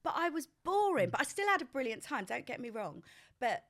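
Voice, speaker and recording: Lively bright woman storyteller. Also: high voice, brisk. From England. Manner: animated, bursts into loud laughing. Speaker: celebrity guest. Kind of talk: casual chat, telling stories.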